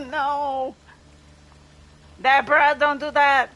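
A woman streaming a horror game live, yelling and swearing at her teammates and chatting with viewers. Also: sits high, slow, pauses often. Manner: excitable, swears and yells at other players; talks to chat between rounds. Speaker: gaming livestreamer. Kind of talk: live gameplay commentary.

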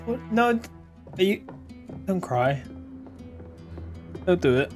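A woman hosts a co-op gameplay session, chatty and teasing. Her voice sits a little low but moves a lot, over faint game music. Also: sing-song, slow pace, darkish tone. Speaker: gaming channel host. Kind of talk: casual co-op gameplay chat.

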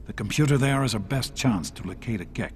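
A man's voice: mid-range voice, brisk, slight background noise, close to an everyday voice. An actor playing a caring, determined scientist father in a video game, speaking earnestly. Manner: earnest, gently urgent.

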